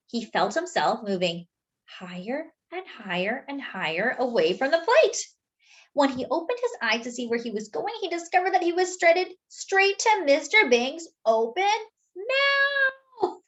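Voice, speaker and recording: A woman reading a children's picture book aloud in an expressive, animated way, with asides to her listeners. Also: sits high, moderate pace. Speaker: storyteller. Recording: dull lo-fi sound.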